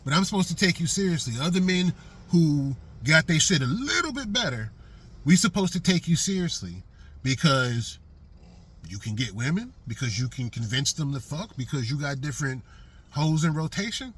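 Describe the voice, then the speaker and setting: A man's voice: fairly high pitch, sing-song, moderate pace, fairly bright tone, husky. Blunt, profane middle-aged man vlogging. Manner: profane, streetwise, emphatic. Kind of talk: blunt casual monologue.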